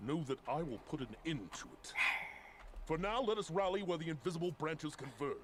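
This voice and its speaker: A man's voice: fairly high pitch, lively intonation, a little fast, noisy background, natural voice. A man voicing a proud male ice warrior champion in a video game, speaking in a grave, old-fashioned formal way. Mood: solemn. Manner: old-fashioned formal speech, solemn proclamations. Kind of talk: video game character dialogue.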